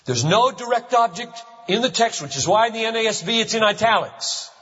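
A man preaching a sermon as pastor, emphatic and driving home points with slow, stressed phrases. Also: sits high, animated, bright, forceful tone. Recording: muffled hall reverb.

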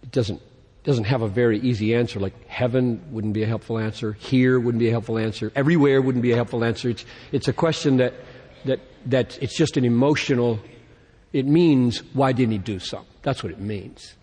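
A man preaching a sermon in an earnest tone, his voice rising and growing louder as he reads scripture. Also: mid-range voice, brisk, breathy edge, long reverb tail. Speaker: pastor.

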